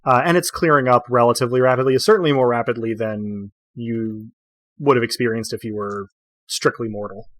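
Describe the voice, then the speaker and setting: A man's voice: mid-range voice, steady tone, brisk, fairly bright tone, dry recording. A man narrating as game master for a tabletop role-playing game, describing scenes with frequent fillers.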